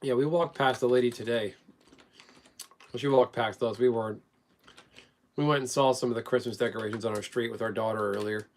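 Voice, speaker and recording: A man's voice: medium pitch, steady tone, a little fast, pauses often. A man hosting a live stream, chatting casually in a rambling, joking way.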